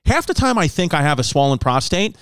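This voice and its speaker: A brash, foul-mouthed male comedian runs a podcast segment, reading odd facts and riffing on them loudly. His voice sits a bit high for a man. The sound is close and dry, with no room in it. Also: brisk, clean tone, no echo. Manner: loud, brash, swears a lot, animated voices for others.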